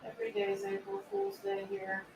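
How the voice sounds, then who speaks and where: A woman in a casual home chat, firing back quick, sharp retorts. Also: extremely high pitch, big pitch swings, gravelly, a little hiss or hum. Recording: distant, roomy home audio.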